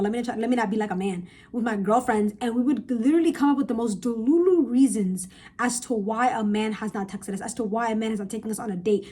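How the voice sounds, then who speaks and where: A woman's voice: on the high side, mellow, slightly rough. A young woman in a casual podcast-style rant, giving blunt, emphatic, profane advice to viewers, recorded on a phone. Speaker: vlogger. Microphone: phone camera.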